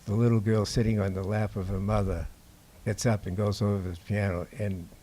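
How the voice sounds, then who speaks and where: An older man from Boston, a documentary filmmaker telling stories to an audience in a halting, unhurried way. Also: on the low side, little pitch movement, mellow. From Boston, USA. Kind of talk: anecdotal talk to an audience. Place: indoor screening before an audience.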